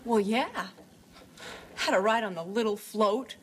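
An actress playing a kind, chatty aunt who makes fun of herself. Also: female voice, medium pitch, a little slow, noisy background, natural voice.

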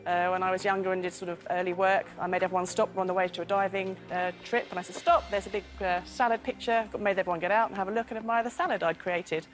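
A woman's voice: medium pitch, fairly even intonation, music in the background, low-quality recording. A middle-aged woman, a quiz show contestant, chatty and a bit hesitant. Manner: chatty, hesitant, with filler pauses. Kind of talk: casual answers on a game show.

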